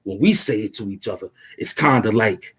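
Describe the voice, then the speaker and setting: A man, hosting his own channel and lecturing straight to camera in an impassioned, slangy rant from a warm indoor room. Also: fairly low pitch, moderate pace, breathy edge. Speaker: YouTube host.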